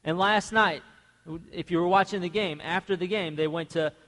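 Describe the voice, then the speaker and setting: A man's voice: sits high, moderate pace, sharp tone. A man preaching a sermon in a church, passionately acting out the people in the story he tells. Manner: impassioned, acts out biblical speakers. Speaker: pastor. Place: church sanctuary. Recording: church sanctuary with long reverb.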